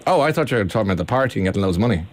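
A woman's voice: very deep voice, expressive, racing. An adult woman hosting a playful chat with a child, teasing and joking with her. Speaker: radio host.

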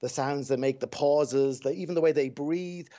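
A man's voice: on the high side, normal speed, dark tone, dull audio. An Irish man, a dialect coach, telling anecdotes as a radio guest in a reflective way with frequent restarts.

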